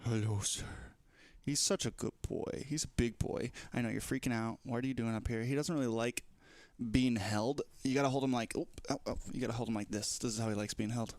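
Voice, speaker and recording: A young man talks through the start of his livestream in a loose, rambling way, playful and a little scattered. His voice sits at an ordinary middle pitch. The sound is dry and close, with no room echo. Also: fairly quick, darkish tone. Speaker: livestreamer and esports shoutcaster. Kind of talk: casual livestream chat.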